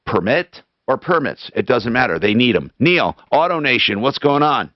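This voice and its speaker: A man hosting a call-in radio show, animated and quick to interrupt with questions. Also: medium pitch, no echo. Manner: animated, interrupting, exclaims in disbelief. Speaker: radio talk show host. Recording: dull lo-fi radio stream.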